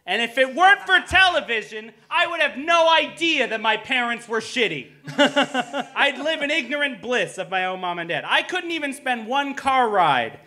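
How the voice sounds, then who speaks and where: A man's voice: very high voice, lively intonation, moderate pace, sharp tone. A male comedian delivering a dry, self-deprecating debate speech on a theatre stage. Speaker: comedian contestant.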